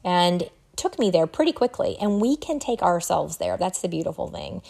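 Low, gravelly woman podcasting. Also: very animated, moderate pace. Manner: earnest, reflective, laughs softly now and then. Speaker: podcast host. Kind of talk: solo podcast talk on wellbeing.

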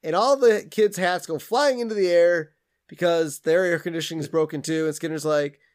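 A man's voice: fairly high pitch, normal speed. A man co-hosting a podcast, recapping a cartoon episode in casual chat, laughing often and acting out quotes. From Minnesota. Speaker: podcast co-host.

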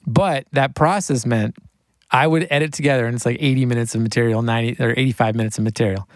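A recording engineer with a medium-pitched voice and a quick pace tells casual stories from the studio, with no echo. He's animated and says "like" constantly, acting out the voices of the people in his stories.

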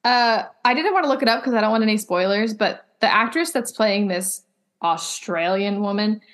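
A woman's voice: mid-range voice, moderate pace. A woman co-hosting a podcast in casual chat, rambling and doubting herself as she talks.

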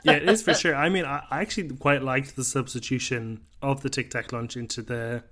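A man's voice: medium pitch, steady tone, brisk, bright, forceful tone. A man from the British Isles hosting a podcast. He chats casually and steers the talk with questions. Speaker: podcast host.

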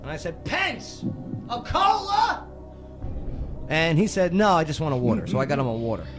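A man hosting a talk show, running a trivia quiz with jokey, lively banter and frequent laughs. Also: on the high side, racing, over music. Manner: jokey, animated, laughs often.

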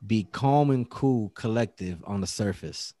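A man from the Bronx hosts a casual podcast chat, repeating his points with emphasis and plenty of swearing. His voice is mid-pitched and plainly recorded on a dry, close mic. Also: unhurried, dark tone, dry recording. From New York, the Bronx. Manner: emphatic, repeats himself, profane banter. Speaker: podcast host.

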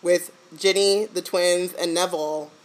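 A woman co-hosting a casual book-club podcast, playful, laughing often and firing back quick jokes. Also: lowish voice, steady tone, rough recording. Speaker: podcast co-host.

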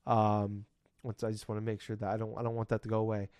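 A man's voice: lowish voice, monotone, quick pace, a little mellow, clean tone, dry recording, clean studio sound. A man in his thirties hosting a casual podcast, rambling and ranting with lots of swearing. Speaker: podcast host.

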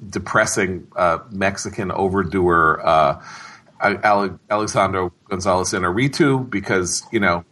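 A man co-hosting a casual podcast chat, a film critic giving opinionated picks with halting pauses and fillers. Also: low-pitched, sharp tone.

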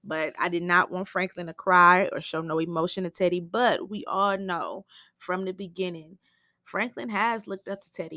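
A woman's voice: mid-range voice, vocal fry, bright, forceful tone, dry recording, studio quality. A young woman hosting a TV recap podcast, telling the episode in a blunt, profane, chatty way. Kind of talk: casual spoken show recap.

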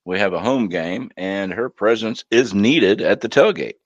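Co-hosting a casual sports podcast from home on a headset, a man rants bluntly and swears, his lowish voice animated yet a little slow. The sound is dry and lo-fi.

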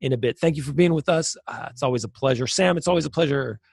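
Male podcast co-host, gravelly and husky, joking and rambling, dry sound. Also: fairly high pitch, quick pace, a little mellow, no room sound. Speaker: lead pastor. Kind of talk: casual chat.

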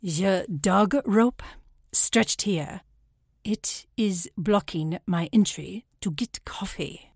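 A woman's voice: mid-range voice, slow, vocal fry, a little mellow, breathy edge, no echo, studio quality, full character voice. Woman doing a curt German man. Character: curt German male birdwatcher, terse and blunt.

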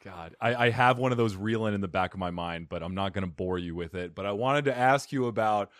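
Excitable podcast host, dry close sound. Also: male voice, fairly low pitch, dry recording. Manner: excitable, apologetic, quick bursts of laughter. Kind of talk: casual interview chat.

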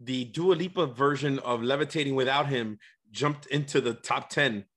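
A man's voice: mid-range voice, moderate pace, a bit bright. A man co-hosting a casual podcast chat, chiming in with jokes and side remarks. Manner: jokey, chimes in with asides.

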